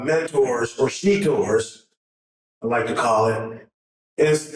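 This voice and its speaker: A middle-aged man giving an emotional, earnest talk to a conference audience, nervous and often restarting his sentences. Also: medium pitch. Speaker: conference speaker. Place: large conference hall. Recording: echoey hall from far off.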